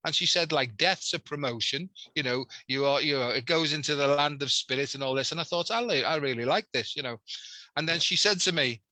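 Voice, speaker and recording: Liverpool man as a chatty guest, fairly high and very bright, close dry sound, lively storytelling with asides. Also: fairly quick, dry recording, rough recording. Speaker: guest, healer. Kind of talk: casual chat.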